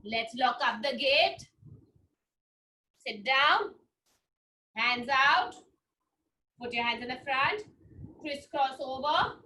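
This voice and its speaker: A woman telling a story to children and leading them through yoga poses in an animated way. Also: sits high, recorded from a distance, poor audio.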